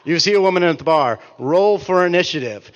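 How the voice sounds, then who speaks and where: A man in his forties telling comic stories in an animated, ranting way, swearing and breaking off his own sentences. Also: sits high, a little fast, in a large hall, highs cut off. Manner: animated, ranting, profane, self-interrupting. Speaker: author and speaker. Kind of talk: comic storytelling talk.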